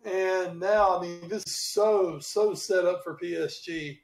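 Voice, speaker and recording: A man with a high voice co-hosts a casual sports chat. He talks in an animated, rambling way and swears freely. His voice carries a roomy echo. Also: a little slow, soft background music. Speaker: podcast co-host.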